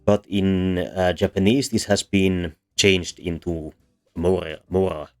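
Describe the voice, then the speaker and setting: A man's voice: sits low, fairly even intonation, slow pace. A man giving a casual, hesitant lecture on linguistics, with frequent ums and restarts. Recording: soft background music under voice.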